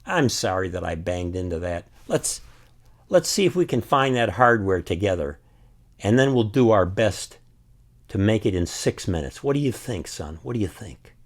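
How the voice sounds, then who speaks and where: A man voicing a gentle, patient father who encourages his son while fixing a tire, with a few stammers. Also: lowish voice, lively intonation, normal speed. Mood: reassuring. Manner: warm, encouraging, stammering a little.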